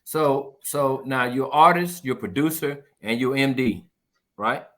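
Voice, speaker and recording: A man with a Southern US accent hosting a casual interview and asking relaxed questions with short replies. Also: medium pitch, unhurried. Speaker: interview host.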